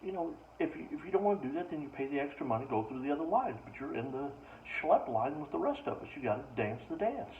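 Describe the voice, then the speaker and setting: A man's voice: fairly high pitch, big pitch swings, quick pace, hardly any pauses. A man telling comic stories as a stand-up comedian, ranting with exasperation in a casual way. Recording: distant mic, dull lo-fi sound, faint ambient noise.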